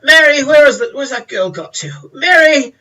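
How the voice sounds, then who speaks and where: A man's voice: very high-pitched, animated, normal speed, bright, forceful tone, far from the mic, pitched above the performer's own voice, exaggerated voice. A man voicing a frail, fussy old man who stammers and calls out, feeling the cold. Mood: fretful. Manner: quavering, stammering and calling out.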